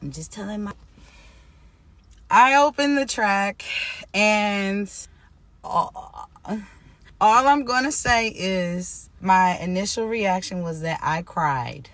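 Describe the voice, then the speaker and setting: A woman telling a storytime vlog about her music career, swinging from loud exclamations to quiet near-tearful murmuring. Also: medium pitch, animated, takes it slowly, pauses often, no echo. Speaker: singer-songwriter.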